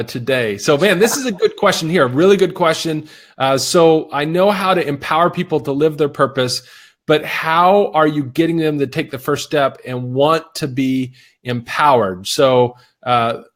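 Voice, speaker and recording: A man's voice: a little high, normal speed. A man hosting a live video interview, affirming his guest and reading viewer questions with lots of fillers. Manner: enthusiastic, affirming, many "like"s. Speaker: interview host.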